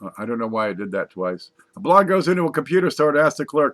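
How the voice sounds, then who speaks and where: A man's voice: medium pitch, lively intonation, fast, few pauses, fairly bright tone, no room sound. A man casually reading jokes aloud, laughing at his own punchlines and adding wry asides. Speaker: comedy joke reader.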